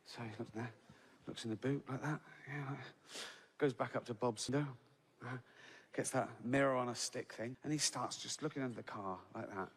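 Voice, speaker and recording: Speaking in a mid-range, fairly bright voice, this English man in his sixties spins a long stand-up anecdote to a live crowd in a big, reverberant hall. He keeps it chatty, often tossing in "right?" and curse words, and chuckles at his own story while audience ambience hangs in the background.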